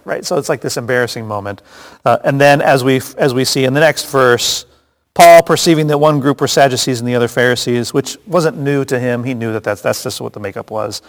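A man's voice: mid-range voice, steady tone, brisk. A man teaching a casual Bible study, chatty and joking, with frequent restarts and asides. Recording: long hall reverb.

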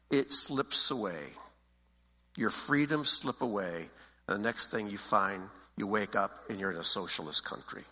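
A man's voice: medium pitch, bright, forceful tone, long reverb tail, poor audio. A man preaching a sermon in an emphatic, conversational way, repeating phrases for weight. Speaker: pastor.

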